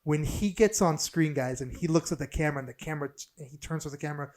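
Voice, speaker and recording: Male podcast co-host, slightly high pitch, excitable and rambling, swears a lot. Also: quick pace. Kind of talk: casual podcast chat.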